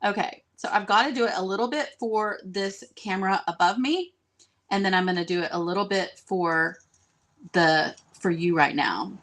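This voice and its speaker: A woman hosting a live craft stream, chatty and excitable, talking straight to her viewers. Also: medium pitch, moderate pace. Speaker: DIY craft host.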